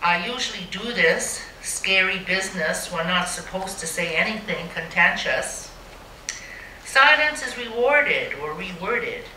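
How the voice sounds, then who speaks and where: A woman's voice: medium pitch, animated, unhurried, sharp tone, a little hiss or hum. A woman giving a live poetry reading in a museum gallery, with a wry, mocking dry humor. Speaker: poet. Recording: roomy hall, mic at a distance.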